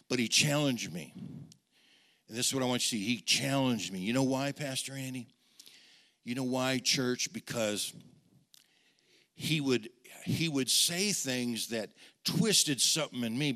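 A middle-aged male pastor delivers a storytelling sermon and speaks straight to his congregation. His voice is bright and forceful at an average pitch, and he often repeats words as he goes.

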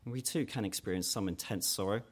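A man preaching a sermon in an earnest way, growing louder and higher when he voices quoted challenges. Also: a little fast, slightly rough. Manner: earnest, rises in pitch and force when quoting mockers.

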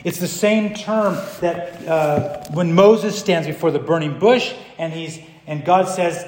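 A man's voice: fairly high pitch, slow, hardly any pauses. Man preaching in an echoey hall. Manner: swings from hushed to loud emphatic preaching. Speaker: pastor. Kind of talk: sermon.

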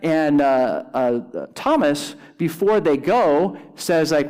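A man preaching a sermon in a casual, animated way, slipping in everyday slang as he talks. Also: a little high, unhurried, hardly any pauses. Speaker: pastor. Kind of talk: conversational sermon.

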